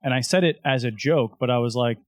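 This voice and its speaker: A man's voice: mid-range voice, fairly quick, no room sound, clean studio sound. Rambling man, filler-heavy casual chat.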